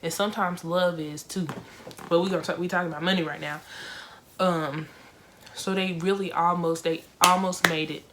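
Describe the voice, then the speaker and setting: Emotional woman vlogger, low voice. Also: normal speed, a little hiss or hum. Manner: emotional, expressive, talks straight to viewers; casual conversational with lots of fillers. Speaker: vlogger reviewing a film. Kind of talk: casual emotional movie review.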